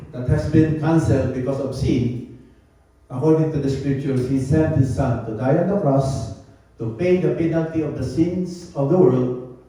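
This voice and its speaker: A man's voice: a little high, mellow. A man preaching a sermon, repeating his points and slipping into phrases. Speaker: pastor. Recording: very echoey church hall, voice from a distance.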